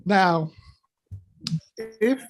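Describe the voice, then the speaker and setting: A man speaking as a guest business coach on a video call. He gives a playful, emphatic motivational talk and laughs between his drawn-out catchphrases. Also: high voice, lively intonation, a little hiss or hum.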